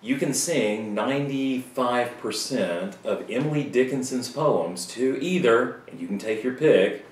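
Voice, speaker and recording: A man giving a recorded writing lecture to students, casual and joking, with quick asides. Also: fairly low pitch. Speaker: writing teacher. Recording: roomy sound from a distant mic.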